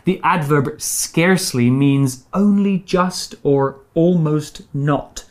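A woman's voice: low voice, darkish tone. British woman teaching English vocabulary. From Britain. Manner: slow, clear explanations with example sentences. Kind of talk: bilingual radio English lesson.

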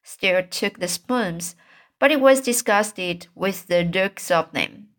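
Slow, halting woman reading a story. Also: mid-range voice, animated. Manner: halting, with frequent stumbles and restarts. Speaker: reader. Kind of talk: reading a children's book aloud.

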